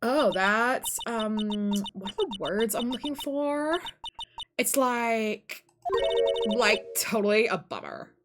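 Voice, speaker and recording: A woman's voice: a little high, lively intonation, music in the background. Woman doing a ditzy Valley Girl student. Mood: bubbly ditzy. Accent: put-on Valley Girl. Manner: lots of "like" and "um", halting.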